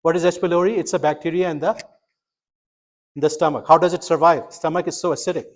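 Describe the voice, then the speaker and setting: Middle-aged male instructor, slightly high voice, lively classroom lecture, quizzes students. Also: fast. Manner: quizzing students, animated and emphatic. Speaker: medical school instructor.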